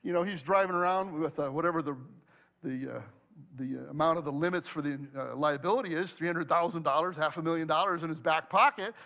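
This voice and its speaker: A man preaching a sermon, telling a personal story in an animated way and acting out his own worried thoughts aloud. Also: fairly high pitch, fairly quick, creaky, lo-fi sound. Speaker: pastor.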